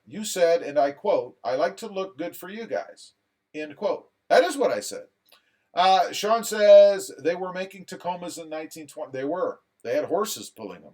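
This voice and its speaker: A man hosting a live stream in a casual, joking way, reading viewer comments aloud. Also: a little high. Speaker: livestream host reading chat.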